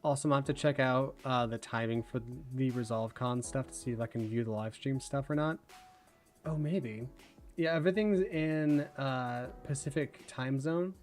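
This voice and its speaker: A man hosting a livestream, chatting casually and rambling, his words running together when he talks fast. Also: medium pitch. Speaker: livestream host.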